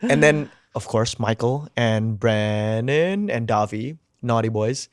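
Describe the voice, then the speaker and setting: A podcast guest with a mid-range voice tells a story slowly but with energy, swearing freely and acting out what people said. The sound is clean studio quality with no echo.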